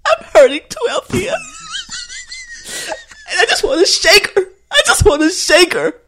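A woman imitating a grieving woman from a TV drama, speaking in a high, tearful voice that breaks between crying and laughing. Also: very animated, measured pace, a bit bright, a little hiss or hum, heavily acted. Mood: tearful anger.

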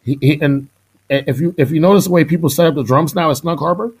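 A middle-aged man from Houston, a drummer, telling stories in a casual interview. He talks in an animated way, laughs often and imitates the people he quotes. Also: fairly high pitch, fast talker, breathy edge. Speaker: guest musician, drummer.

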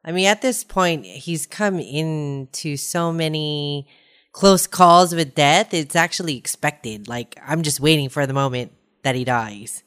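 A woman co-hosting a casual chat show, giving relaxed, measured opinions. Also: low voice, smooth.

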